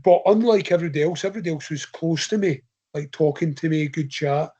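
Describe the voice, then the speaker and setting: Telling a long, meandering story to podcast hosts, a Scottish ultra runner on as a guest keeps things loose and chatty with laughs sprinkled in. His husky, slightly high voice is mellow and his pace quick. The audio comes across a touch dull and lo-fi.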